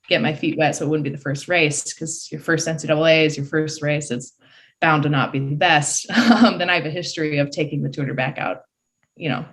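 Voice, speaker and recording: A woman in her early twenties from Michigan, a guest excitedly retelling a race in a casual voice full of "like" fillers. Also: sits low. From Michigan, USA. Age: early 20s. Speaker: podcast guest, college swimmer. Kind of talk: casual storytelling.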